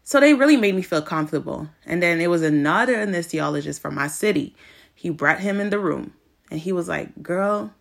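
A woman's voice: fairly low pitch, expressive, a little fast, vocal fry. A young woman hosting a podcast, chatting casually and emotionally, with lots of fillers. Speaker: podcast host sharing her experience. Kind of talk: casual chat.

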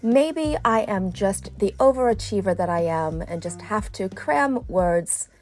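A woman's voice: medium pitch, a little mellow. A middle-aged woman talking playfully and teasing herself in a personal vlog, chatting straight to her viewers. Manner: playful, self-mocking, talks straight to viewers. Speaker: vlogger.

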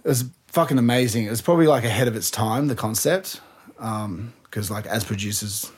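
A man's voice: on the low side, brisk, slightly rough. A man in his thirties, a DJ and producer, talking loosely in a casual interview, rambling, swearing freely and acting out what people said. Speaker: guest DJ and producer.

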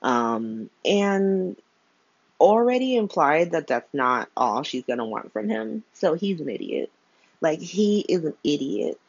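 A woman's voice: lowish voice, big pitch swings, slow pace, creaky, husky, dry recording, lo-fi sound. A woman casually recapping a soap opera episode from home, candid and exasperated, swearing and peppering her talk with "like". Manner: candid, exasperated, profane, lots of "like". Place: home room by a window.

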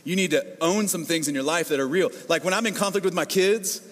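A middle-aged man preaches with a fairly high, animated voice, jumping between quoted voices and stumbling over repeated words. His sermon rings through a church hall with a long reverb tail. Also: quick pace. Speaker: pastor.

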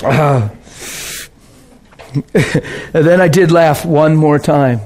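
Brief: high-pitched male preacher, casual teaching tone, quick to laugh, keeps asking the room if they follow. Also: darkish tone, a little hiss or hum. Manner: conversational, checks in with the class, laughs often. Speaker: pastor. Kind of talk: sermon teaching. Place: warm classroom or church hall.

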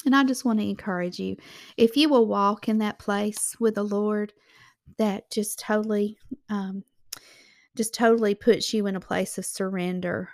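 An earnest woman delivers a devotional sermon, encouraging her listeners and reading scripture aloud. Her voice sits at a middle pitch. The recording is dry, with no room echo. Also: gravelly, darkish tone. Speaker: Christian ministry host.

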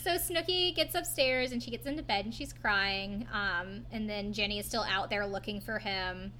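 A woman's voice: medium pitch, normal speed, sharp tone, a little hiss or hum. A young woman co-hosting a podcast, casually recapping a reality show and swearing freely. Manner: casual, swears freely, retells scenes with quoted voices. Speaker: podcast co-host.

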